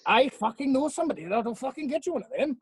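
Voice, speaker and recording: A man putting on a Welsh accent to play a loud, swearing giant of a man, gruff and blustering. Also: very high-pitched, lively intonation, quick pace, no room sound, clean studio sound, voice pushed up, full character voice. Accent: Welsh, put on.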